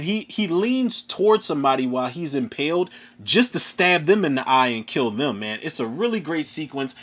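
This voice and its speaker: A man with a Philadelphia accent rants through a film review in a loose, profane, animated way, ending his sentences with "man." His voice sits a little high for a man. The recording sounds dull and lo-fi. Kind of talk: casual film review rant.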